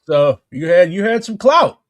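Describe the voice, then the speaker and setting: A man's voice: high voice, sing-song, unhurried. An American man hosting an interview, hesitant and heavy on fillers. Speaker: host. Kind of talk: casual chat.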